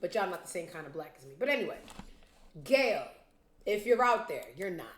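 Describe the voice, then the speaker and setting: A woman's voice: on the low side, lively intonation, fairly quick. Blunt, sarcastic woman host in an echoey room. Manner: blunt, profane and sarcastic, talks straight to viewers. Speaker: show host. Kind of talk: casual commentary vlog.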